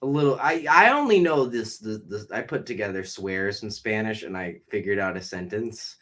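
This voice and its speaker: This is a young man from the Boston area, New England, hosting a podcast and casually chatting with a guest, full of jokes, rambling and free swearing. His voice is lowish and a bit bright, at a normal speed.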